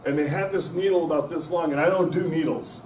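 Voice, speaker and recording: A man's voice: a little high, fairly quick, darkish tone, slight background noise. Middle-aged male guest speaker, folksy rambling storyteller with self-deprecating humor, miked from a distance. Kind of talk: anecdotal storytelling talk. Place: club meeting room. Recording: echoey room from a distance.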